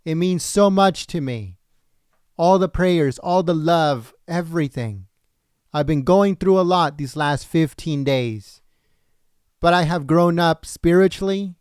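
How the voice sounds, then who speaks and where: A man hosting a political livestream speaks to his viewers in an earnest, chatty way. His voice sits fairly high and comes through smooth and clear. After hours on air it sounds a little worn, and the close mic leaves it dry. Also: unhurried, a little mellow, no room sound. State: tired voice after a long stream. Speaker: livestream political commentary host. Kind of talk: casual livestream sign-off.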